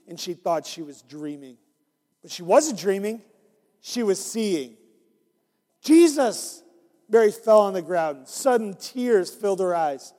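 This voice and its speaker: A man reading an interactive Bible story to children as their minister and coaxing them to join in. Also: sits high. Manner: animated, coaxing listeners to join in. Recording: long hall reverb.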